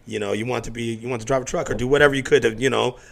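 A middle-aged man chatting casually, telling animated stories, acting out the voices of people in them and swearing freely. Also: medium pitch, very fast, vocal fry. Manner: animated storyteller who acts out quotes, swears freely. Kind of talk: casual conversation.

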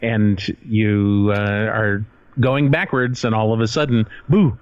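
A man speaking slowly and deliberately in a relaxed chat. The recording is dry, with no room sound, and slightly muffled. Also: fairly low pitch, clear, resonant tone, no echo. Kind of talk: casual chat.

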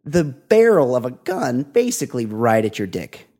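A man's voice: mid-range voice, sing-song, normal speed, a little mellow. A man co-hosting a comedy podcast, rambling through crude, wry banter. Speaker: podcast co-host. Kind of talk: casual comedic chat.

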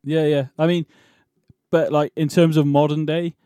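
A man's voice: on the high side, flat delivery, moderate pace, mellow, clear, resonant tone, no room sound, clean studio sound. A man co-hosting a casual wrestling podcast, rambling and restarting as he talks. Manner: rambling, restarts and laughs a lot. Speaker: podcast co-host. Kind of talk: casual chat.

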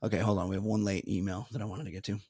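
A man's voice: on the low side, level tone, racing, darkish tone, breathy edge, dry recording, clean studio sound. A man co-hosting a comedy podcast, reading listener mail and rambling while laughing at his own jokes. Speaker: podcast co-host.

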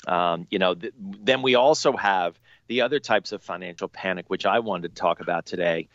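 A man's voice: low-pitched, normal speed, lo-fi sound. A man co-hosting a podcast about money, chatting casually with lots of ums and restarts. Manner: relaxed, filler-heavy. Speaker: podcast co-host.

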